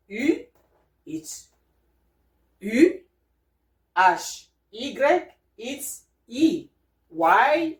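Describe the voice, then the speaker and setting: A woman teaching sounds, patient and repeating each one, often asking "okay?". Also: lowish voice. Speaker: French teacher. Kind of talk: casual spoken lesson. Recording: roomy, voice from a distance.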